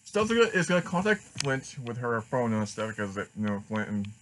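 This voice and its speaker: A man's voice: medium pitch, big pitch swings, a bit bright, slight background noise, poor audio. Rambling man sharing a fan theory. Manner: rambling, halting, many restarts. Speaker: fan vlogger. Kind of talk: casual fan theory chat.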